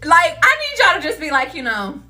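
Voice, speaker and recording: High-pitched woman, animated tarot reader, casual, laughs a lot, cusses freely. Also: brisk. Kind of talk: casual tarot reading to viewers.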